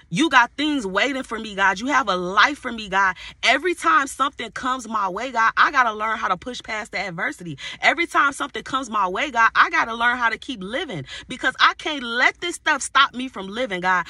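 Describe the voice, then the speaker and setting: A woman preaching encouragement in a sharp, forceful voice, hammering each point through repetition. She talks to viewers in plain, casual speech and turns to pray aloud mid-thought. The sound is close and dry. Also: on the high side, lively intonation, moderate pace, no room sound. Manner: casual colloquial address to viewers. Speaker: inner healing and purpose coach. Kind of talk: motivational preaching to camera.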